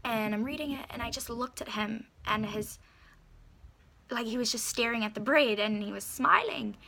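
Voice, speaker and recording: A woman's voice: on the high side, moderate pace, creaky, sharp tone. A woman telling a personal story in a chatty vlog, full of "like" and "you know". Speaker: vlogger.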